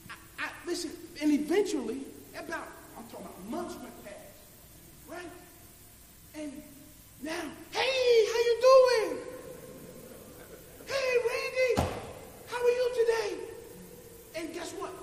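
A man preaching a sermon in a church, building from quiet storytelling to shouted, sing-song climaxes. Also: extremely high pitch. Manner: preaches in rising shouts with a sung cadence. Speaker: pastor. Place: church sanctuary. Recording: echoey church hall, faint ambience.

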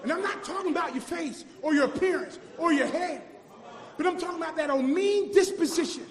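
A man preaching a call-and-response sermon, shouting and half-singing his lines. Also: extremely high pitch, normal speed, some chatter behind. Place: church. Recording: echoey church hall with music and congregation.

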